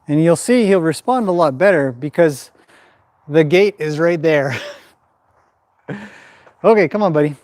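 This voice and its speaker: A man training a horse in a pen, calmly explaining what he does while softly praising and directing the animal. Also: on the high side, unhurried, pauses often, no room sound. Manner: calm running commentary mixed with soft praise to the horse.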